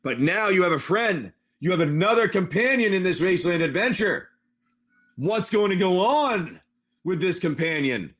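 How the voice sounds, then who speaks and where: A man's voice: high voice, sing-song, moderate pace, fairly bright tone. A man running a tabletop game on a live stream, narrating each move play by play. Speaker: game master.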